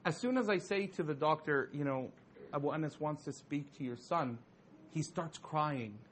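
Male storyteller, slightly high voice, animated and laughing, casual talk. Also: moderate pace, a little hiss or hum. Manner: animated, laughing often, heavy use of "you know". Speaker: storyteller speaking to an audience.

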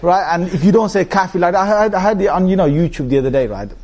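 A man delivering a conversational religious talk in a slightly higher voice. He speaks plainly and with humor to the brothers and sisters before him. His delivery stays loose and animated. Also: fast. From Britain. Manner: animated, mimics shouting preachers with humor; melodic chanted recitation. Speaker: preacher. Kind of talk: Islamic talk with Quran recitation.

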